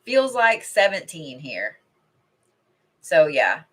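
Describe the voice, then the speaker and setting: A middle-aged woman talks from home in a loose, rambling way, swearing casually between card readings. Her voice is bright and forward but sits a little low. She sounds like a host chatting live with regular viewers. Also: very animated, slow. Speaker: intuitive card reader.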